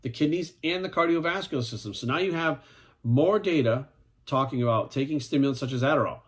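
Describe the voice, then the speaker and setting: A man's voice: mid-range voice, brisk. Forties male coach, blunt and profane, hammers his points home. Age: 40s. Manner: profane, emphatic, repeats "right?". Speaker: fitness coach. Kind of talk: blunt vlog rant.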